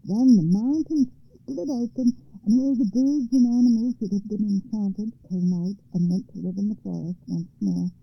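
A woman hosting a radio storytelling program, narrating a fairy tale in a calm, measured way from a studio. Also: medium pitch, gravelly, slightly rough. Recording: slightly muffled radio broadcast.

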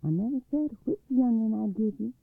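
A man voicing a shrewd, calm country mother with a steady, folksy drawl. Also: sits high, brisk, gravelly, husky, dry recording, voice pushed up, exaggerated voice. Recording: dry, tinny phone-like sound.

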